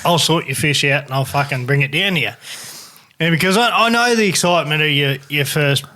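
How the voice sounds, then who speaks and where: An Australian man hosting a podcast, telling a story in a casual, animated way, swearing freely and laughing as he goes. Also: fairly high pitch, a little fast. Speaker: podcast host.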